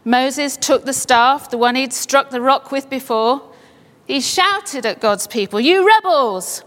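High-voiced woman preaching in a reverberant hall. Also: steady tone, unhurried. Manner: builds to fervent exclamations. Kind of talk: sermon with scripture reading.

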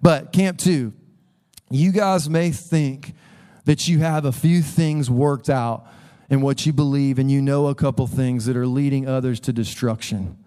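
A man's voice: medium pitch, steady tone, measured pace, mellow, smooth. A man preaching a sermon in church, talking casually and joking with the congregation, acting out the voices he quotes. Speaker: pastor.

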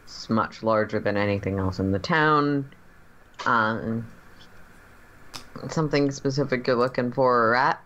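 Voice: mid-range voice, measured pace, long pauses, a bit bright, muffled recording. A game master narrating a tabletop game in a casual way, with many "um"s and "like"s while describing the scene.

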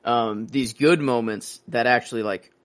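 A man's voice: medium pitch, measured pace. A man co-hosting a casual movie-discussion podcast, rambling and acting out scenes in character voices. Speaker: podcast co-host.

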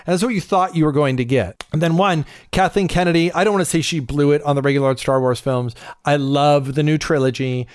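A man with a slightly high voice, chatting as a podcast host. He rambles with eager enthusiasm, stumbling through fillers and restarts, and the recording is dry and close. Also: no echo. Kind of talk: casual chat.

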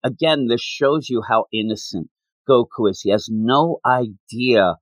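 A man's voice: mid-range voice, measured pace, no echo. A young man co-hosting a manga podcast, retelling scenes with playful voices. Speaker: podcast co-host. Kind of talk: casual manga discussion.

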